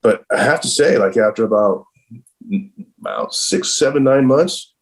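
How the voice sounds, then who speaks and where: A man's voice: medium pitch, wildly swooping pitch, normal speed, creaky, rough recording. A middle-aged man guesting on a podcast, telling a long story in a casual, rambling way, swearing freely and filling his talk with "like" and "I'm all.". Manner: rambling and profane, heavy use of "like" and "I'm all". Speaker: podcast guest, professional skateboarder.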